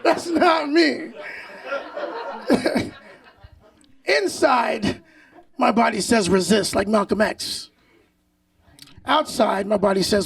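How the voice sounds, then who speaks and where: A brash male stand-up comic working a live stage, loud and profane, often laughing at his own material. His voice sits very high with a gravelly edge. He sounds set back from the mic. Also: slow pace, long pauses, distant mic. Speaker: stand-up comedian. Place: comedy stage before a live audience.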